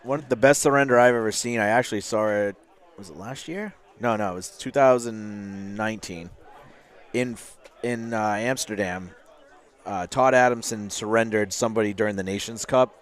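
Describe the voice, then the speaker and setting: A man's voice: lowish voice, normal speed. A man co-commentating a paintball livestream outdoors, chatting casually in an easygoing way. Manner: brief, easygoing reactions.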